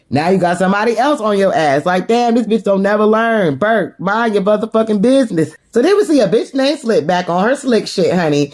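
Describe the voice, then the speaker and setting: A woman vlogger recaps a TV episode in a casual, slangy voice. She talks to her viewers in an animated, gossipy way, full of asides. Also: fairly low pitch.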